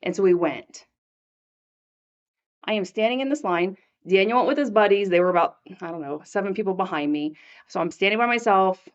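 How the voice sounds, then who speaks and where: A woman's voice: mid-range voice, brisk, lo-fi sound. A middle-aged woman hosting a faith podcast, telling a personal story in a chatty way and acting out the voices of the people in it. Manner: animated storyteller who acts out quoted dialogue. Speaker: podcast host.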